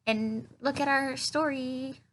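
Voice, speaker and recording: A woman's voice: high voice, steady tone, slow, a bit bright, a little hiss or hum. A woman mockingly voicing a gleeful little evil demon hostess. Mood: mock-evil.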